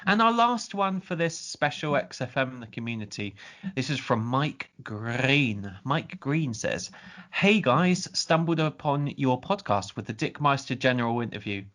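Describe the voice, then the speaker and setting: A man's voice: mid-range voice, animated, a little slow, fairly bright tone. A man co-hosting a casual podcast, reading listener emails aloud and laughing often. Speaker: podcast co-host. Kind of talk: casual chat.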